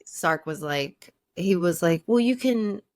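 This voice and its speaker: Woman, 30s, podcast co-host: lowish voice, chatty and laughing, dry close mic. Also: expressive, takes it slowly, darkish tone, dry recording. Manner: laughing, chatty, swears casually. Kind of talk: casual chat.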